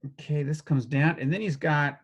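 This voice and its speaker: A man's voice: fairly high pitch, fairly even intonation, moderate pace, husky, dull audio. A man teaching a casual step-by-step drawing lesson, talking playfully as he sketches and chuckling often.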